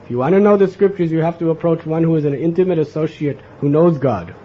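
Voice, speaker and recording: Speaking quickly in a fairly high voice, an American spiritual teacher presents a devotional lecture, earnestly turning to his listeners with a questioning "huh?" again and again. The recording is dull and lo-fi, with faint ambience and a touch of hiss or hum.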